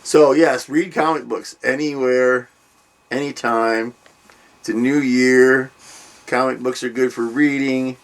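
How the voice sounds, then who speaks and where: A man's voice: medium pitch, steady tone, takes it slowly. An older man hosting a comic book review vlog, chatting in a loose, rambling way with many ums and trailing asides. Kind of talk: casual vlog chat.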